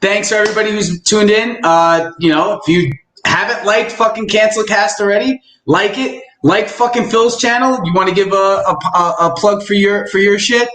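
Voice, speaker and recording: A man's voice: high voice, fairly even intonation, moderate pace, hardly any pauses, fairly bright tone, echoey room. A man hosting a podcast in casual chat, rambling and swearing with stammering restarts. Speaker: podcast host.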